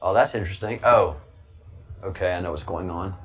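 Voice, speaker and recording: A man's voice: deep voice, brisk, breathy edge, highs cut off. A man hosting a casual livestream, rambling to his chat and stammering over repeated words with frequent chuckles. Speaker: livestream host reading chat.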